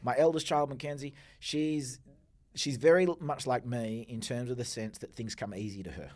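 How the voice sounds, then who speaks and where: A man's voice: mid-range voice, moderate pace. A man in his forties with an Australian accent, a guest telling stories in a casual interview, acting out his own outbursts. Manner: animated storyteller, acts out quoted outbursts, swears freely. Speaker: podcast guest, entrepreneur.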